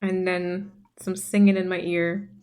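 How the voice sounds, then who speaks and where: A woman's voice: on the low side, level tone, unhurried, music in the background. A woman streamer chatting casually as she plays, reading out chat messages and gushing over the game. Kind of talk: casual chat while gaming.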